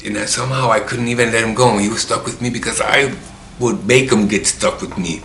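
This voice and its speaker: A man with a fairly low voice tells a personal story, reflective and emotional. He is recorded in a roomy space with a faint hiss of background noise behind him. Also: brisk, bright, forceful tone. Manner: emotional, reflective, acts out remembered dialogue.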